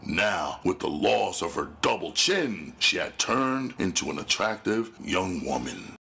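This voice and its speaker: A man with a very deep, gravelly voice narrates a gritty first-person audiobook. His husky tone and unhurried pace give the reading a cold, menacing weight. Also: big pitch swings, bright, forceful tone.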